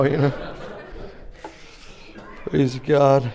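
A man's voice: on the high side, measured pace, pauses often. A middle-aged man preaching a sermon, telling funny family stories and acting out the exchanges before turning to call-and-response preaching. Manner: humorous storytelling, acts out exchanges. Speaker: pastor.

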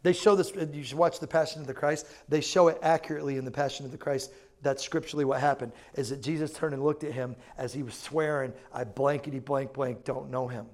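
A man's voice: on the high side, fairly even intonation, fast talker, a little mellow. A man preaching a sermon in a chatty, informal way, full of asides to the congregation. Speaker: pastor. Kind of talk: conversational sermon.

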